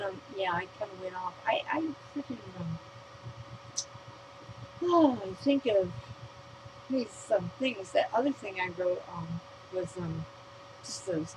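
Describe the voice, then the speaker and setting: A woman's voice: medium pitch, background noise. Blunt, profane American woman vlogger. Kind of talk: reading her own written rant aloud.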